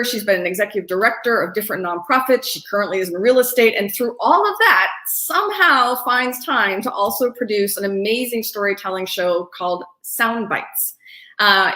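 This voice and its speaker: A woman's voice: mid-range voice, bright, forceful tone, reverberant. A woman hosting a streamed storytelling show, chatting casually and introducing the next teller. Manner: chatty, many fillers. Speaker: host. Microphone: streamed from home.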